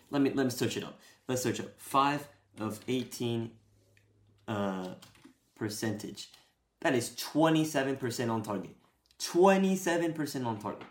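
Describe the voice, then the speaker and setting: A man's voice: medium pitch, roomy sound. A man giving a blunt, exasperated post-match rant as a football fan podcaster, swearing and venting.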